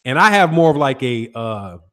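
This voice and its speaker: A very animated man with a medium-pitched, sharp-toned voice speaks at a moderate pace. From Chicago's North Side and carrying the local accent, he hosts a boxing channel live stream, talking loosely in slang and greeting chat viewers by name.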